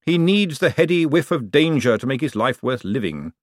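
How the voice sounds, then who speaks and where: A suave, sardonic ruler speaks in an audiobook reading, voiced by a man. He stays cool, measured and drily amused, his voice lively in pitch and heard close in a dry booth. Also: dry recording, natural voice. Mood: smooth.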